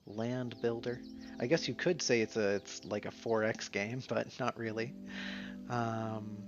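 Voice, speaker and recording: Laid-back gravelly-voiced male streamer. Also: mid-range voice. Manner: easygoing, mumbles to himself while playing. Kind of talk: relaxed casual game stream chat. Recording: slightly dull sound, faint music behind.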